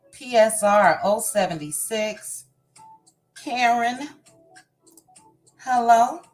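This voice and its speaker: With a slightly high voice, a woman running a live chat show works through a long list of viewer names, unhurried and casual. Her greetings come as a warm, chatty string of hellos, and soft music plays faintly underneath.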